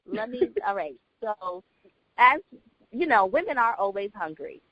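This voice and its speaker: A woman's voice: mid-range voice, sing-song, unhurried, dry recording, muffled recording. A woman guest co-hosting a podcast, confidently explaining her view in casual chat.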